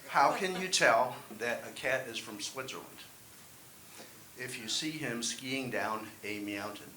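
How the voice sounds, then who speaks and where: A man's voice: mid-range voice, a little slow, pushed and bright. A man performing a wry, self-deprecating stand-up set at an open mic. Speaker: stand-up comedian. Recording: echoey room, faint hiss.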